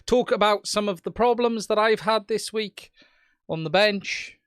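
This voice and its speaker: A man's voice: high-pitched, unhurried, a bit bright, clean tone, dry recording, clean studio sound. A man with a Welsh accent hosting a casual weekly live stream, standing and chatting with viewers by name. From Wales.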